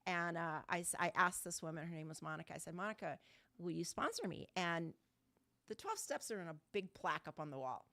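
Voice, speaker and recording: A middle-aged woman from Southern California tells her recovery story to an online meeting. Her voice sits low, and she speaks candidly and bluntly, with casual swearing. The sound is dry and close, with no room echo. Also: brisk, sharp tone. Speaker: guest speaker. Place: online video call meeting.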